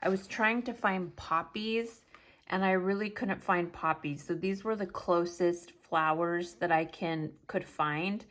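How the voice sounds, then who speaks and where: Brief: middle-aged woman vlogger, lower pitch, chatty and animated, casual storytelling, faint hiss behind. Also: measured pace. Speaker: planner vlogger.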